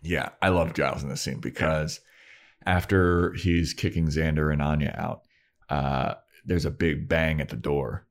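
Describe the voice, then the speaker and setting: A man's voice: rumbling low, fairly even intonation, unhurried. A young adult man co-hosting a casual chat, retelling scenes and swearing freely. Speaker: podcast co-host.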